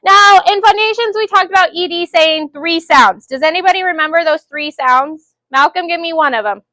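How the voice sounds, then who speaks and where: A woman teaching a phonics lesson to young students in a classroom, loud and energetic, calling on children by name. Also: very high-pitched, normal speed, no room sound.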